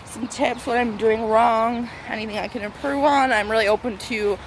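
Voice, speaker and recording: A woman giving a casual tour of her vegetable garden, chatty and excitable, talking to her plants, her voice turning squeaky at times. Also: moderate pace. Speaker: gardening vlogger. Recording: faint outdoor background noise.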